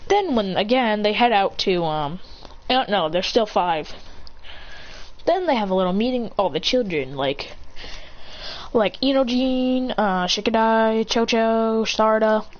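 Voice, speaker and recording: Rambling woman with a lively voice. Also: on the high side, a little slow. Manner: rambling, many fillers and restarts, acts out the characters' lines. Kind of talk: excited improvised storytelling. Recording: dull lo-fi recording with faint noise.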